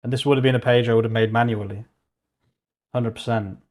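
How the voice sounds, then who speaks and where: A young man talks to himself while he works through a coding session, thinking aloud in a loose, offhand way. He drops casual swears between muttered remarks, and his voice sits at an ordinary middle pitch. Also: steady tone, a little fast. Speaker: vlogger coding on stream.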